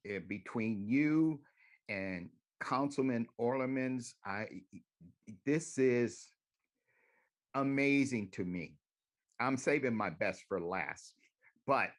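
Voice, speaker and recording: Man griping at city council, slow and drawn out, swings his voice up and down, real sarcastic. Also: medium pitch. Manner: sarcastic, accusing. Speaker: public commenter. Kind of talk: public comment at a council meeting. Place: city council chamber at a podium.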